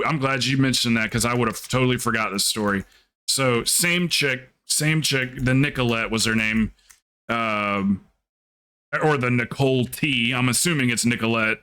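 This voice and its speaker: A man's voice: mid-range voice, pushed and bright. A young man livestreaming, chatting casually and rambling through a story while acting out the people in it. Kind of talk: casual stream chat.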